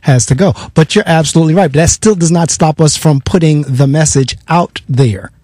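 This man hosts a radio talk show and speaks in a relaxed, conversational way, sometimes slipping into the rolling cadence of a preacher. His voice sits slightly high for a man but has a soft, mellow tone. The sound is dry and close to the mic. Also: moderate pace, no echo. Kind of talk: radio interview.

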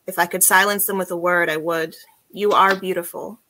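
A woman voicing a seductive, tender and teasing adult man, speaking in a soft, husky murmur as she reads her book aloud. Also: on the low side, fairly even intonation, moderate pace, a little hiss or hum. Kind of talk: audiobook-style reading.

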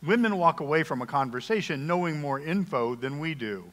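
A middle-aged man preaching in a relaxed, joking, conversational style with a slightly higher-than-usual voice. His words ring out with a long reverb that carries through the church hall. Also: fairly quick. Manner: folksy, humorous, conversational preaching. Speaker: pastor. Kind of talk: sermon. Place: church sanctuary.

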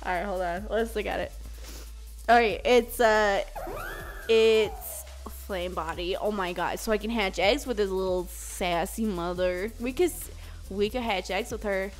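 A woman's voice: mid-range voice, a little slow, faint music behind. A woman live streaming a game, chatting casually with her viewers, giggly and swearing freely. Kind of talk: casual live-stream chat while gaming.

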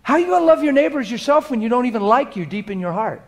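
Man preaching with hushed-to-loud swings. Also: very high-pitched, rapid-fire. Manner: swings from hushed prayerful murmur to loud animated laughing storytelling. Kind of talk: sermon. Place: church hall before a live congregation.

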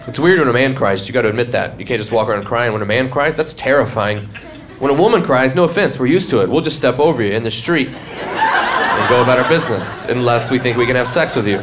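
A man's voice: medium pitch, noisy background. Wry young man doing stand-up. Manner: wry storytelling with quick punchlines. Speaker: stand-up comedian. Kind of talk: stand-up comedy set. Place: comedy club stage. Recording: live comedy album with audience laughter. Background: audience laughing.

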